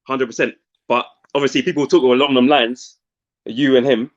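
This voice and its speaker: A man's voice: mid-range voice, steady tone, moderate pace, dull audio. A man co-hosting a podcast who asks long, rambling questions and corrects himself as he goes. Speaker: podcast co-host. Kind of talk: casual interview questions.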